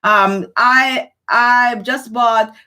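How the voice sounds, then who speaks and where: Middle-aged woman vlogger on a live stream, kinda high voice, worn out but chatty, rambly and personal. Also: steady tone, very slow. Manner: rambling, warm and personal, with many fillers. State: very tired. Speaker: beauty vlogger hosting a live show. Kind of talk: chatty live stream, greeting viewers by name.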